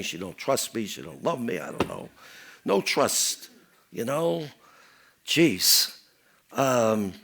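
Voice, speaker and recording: In a stand-up character monologue, a man with a mid-range voice plays a rambling, paranoid married guy. He tells deadpan puns, hops from topic to topic, and mutters at the close of each rant.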